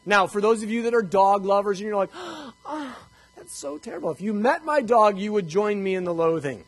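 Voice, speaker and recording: An older man telling personal stories to a live audience in an animated, joking way, acting out the dialogue. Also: high voice, low-quality recording. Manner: animated, jokey, acts out dialogue. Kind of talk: storytelling talk to a live audience.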